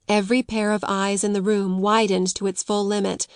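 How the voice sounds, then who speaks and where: A woman reading a classic novel aloud as an audiobook narrator, in clear, even storytelling. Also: mid-range voice, normal speed, hardly any pauses, no echo, clean studio sound.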